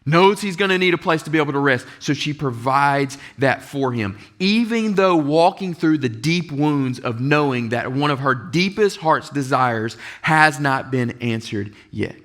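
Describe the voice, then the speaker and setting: A pastor preaching an earnest sermon in a church, reading scripture aloud and acting out the quoted lines. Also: male voice, a little high, expressive, unhurried, hardly any pauses, fairly bright tone. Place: church sanctuary.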